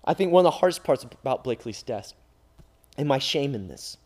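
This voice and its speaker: A man preaching an emotional sermon as a youth pastor, swinging between loud cries and hushed, near-whispered lines. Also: medium pitch, lively intonation, brisk. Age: adult father.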